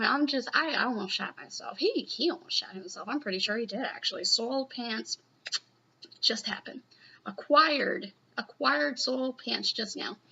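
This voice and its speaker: Woman, chatty and gushing, slightly high voice, muffled lo-fi home recording. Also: gravelly, bright, forceful tone, slightly rough. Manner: rambling, gushing, full of "you know". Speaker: manga reaction vlogger. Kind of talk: casual chatty live reaction.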